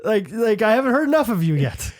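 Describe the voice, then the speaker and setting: A man's voice: high-pitched, big pitch swings, fast talker, no room sound, studio quality. A man co-hosting a podcast in casual chat, teasing and joking. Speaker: podcast co-host.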